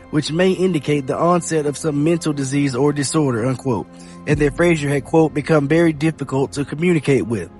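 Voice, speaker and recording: A man hosting a podcast, reading news reports aloud in a steady read-aloud delivery. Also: fairly high pitch. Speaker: podcast host. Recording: faint music bed behind.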